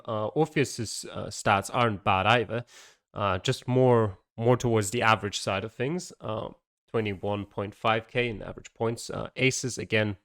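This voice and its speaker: Low-voiced man co-commentating a game. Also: fairly bright tone. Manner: chatty, self-correcting, laughs easily. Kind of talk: casual esports commentary.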